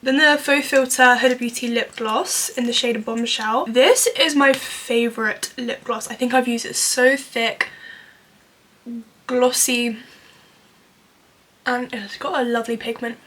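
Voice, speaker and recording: A woman's voice: on the high side, steady tone, unhurried, bright, forceful tone. A woman in her twenties chatting candidly through a makeup tutorial, full of fillers like "like" and "you know". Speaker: vlogger. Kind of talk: casual makeup tutorial talk.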